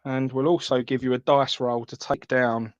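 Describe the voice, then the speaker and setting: A man's voice: mid-range voice, level tone, moderate pace, no echo, dull audio. Chatty man hosting a card stream. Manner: chatty, calls viewers mate. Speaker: card breaking live stream host. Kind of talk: casual live stream chat.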